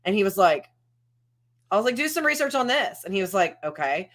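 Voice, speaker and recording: A woman in her thirties in a casual chat, talking quickly and filling her speech with "like.". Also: medium pitch, very animated, a bit bright. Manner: chatty, many "like"s.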